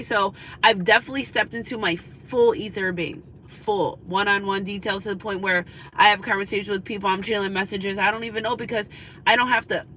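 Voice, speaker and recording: The recording is poor, with a little hiss or hum, as a woman with a mid-range, pushed and bright voice does a spiritual tarot reading in her car. She confides in a chatty way, often checking on her listeners and saying "you know what I'm saying" again and again.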